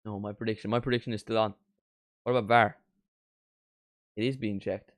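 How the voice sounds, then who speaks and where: Young guy doing a live footy watchalong, dry close mic, yells at the big chances. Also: on the low side, brisk, dry recording. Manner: excitable, shouts at big moments, chats to stream viewers. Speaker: watchalong streamer. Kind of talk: live football watchalong commentary.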